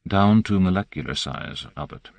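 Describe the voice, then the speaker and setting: A man voicing a calm, unmoved woman scientist who speaks curtly and quietly. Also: normal speed, vocal fry, no room sound. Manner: calm, curt, low-key.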